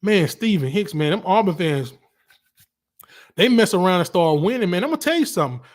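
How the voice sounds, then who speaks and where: A man with a Southern accent talks casually on his own livestream, rambling and animated, packed with slang. His voice sits a bit high for a man. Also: fairly quick. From Alabama. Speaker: livestream host. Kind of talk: casual livestream chat about college football.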